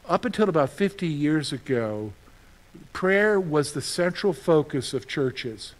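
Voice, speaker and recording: A man preaching a sermon in a conversational way, asking his listeners questions and answering them himself, with lively storytelling. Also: medium pitch. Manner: animated storytelling with sudden loud outbursts. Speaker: pastor.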